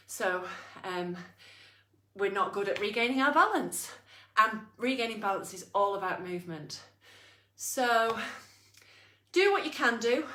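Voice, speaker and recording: A woman's voice: mid-range voice, a bit bright, echoey room. A woman leading an online exercise class, out of breath, upbeat and encouraging as she counts down. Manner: upbeat coaching, counting down and cheering on. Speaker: fitness instructor.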